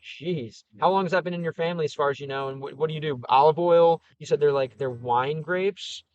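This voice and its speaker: A man's voice: on the high side, fairly quick, no room sound, lo-fi sound. A man casually chatting on a livestream as he answers viewer comments, thinking aloud with frequent restarts. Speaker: streamer answering live chat.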